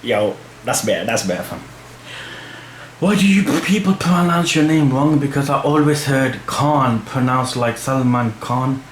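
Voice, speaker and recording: A man's voice: mid-range voice, expressive, unhurried. A young man, rambling casually in slang as he answers fan questions for his channel. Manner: slangy, rambling, full of "fam" and "you know what I mean". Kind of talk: casual chat. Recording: echoey room with faint hum.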